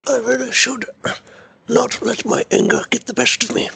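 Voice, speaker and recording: Man playing a sheepish hothead adventurer, very high raspy gravelly voice, bright edge. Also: steady tone, moderate pace, no room sound, full character voice. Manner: sheepish, apologetic. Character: remorseful hot-tempered male adventurer called Pooh.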